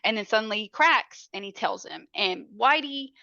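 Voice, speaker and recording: Chatty woman retelling a movie, cusses a lot, bright tense voice, dry kinda dull mic. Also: mid-range voice, animated, normal speed, vocal fry, no echo. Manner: profane, chatty storytelling. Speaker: podcast co-host. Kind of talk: casual true-crime movie recap.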